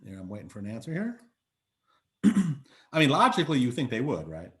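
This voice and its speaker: A man's voice: medium pitch, huge pitch swings, fairly quick, fairly bright tone. A man giving a university lecture over a video call, chatty and thinking aloud with many fillers and restarts. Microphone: computer mic on video call.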